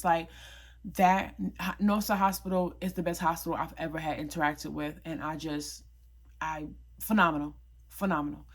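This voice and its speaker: Casual vlogger, young woman, slightly low voice, animated and emphatic storyteller. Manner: animated, emphatic retelling with quoted dialogue.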